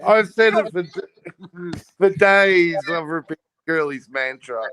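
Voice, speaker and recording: A man's voice: fairly high pitch, lively intonation, takes it slowly, a bit bright, a little hiss or hum, poor audio. A man teasing others on a livestream, giggling and repeating phrases. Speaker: livestream guest. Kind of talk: casual profane chat.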